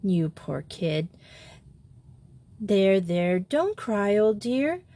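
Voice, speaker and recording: A woman doing a brisk, kindly English schoolgirl. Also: medium pitch, big pitch swings, dark tone, full character voice. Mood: coaxing.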